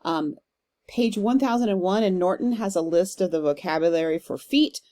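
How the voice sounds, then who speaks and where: A woman teaches poetic meter in a recorded lecture, her voice sitting a little low. She speaks casually, with fillers and small asides, and slows to a deliberate, stressed rhythm whenever she reads lines of verse. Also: mellow. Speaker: literature instructor.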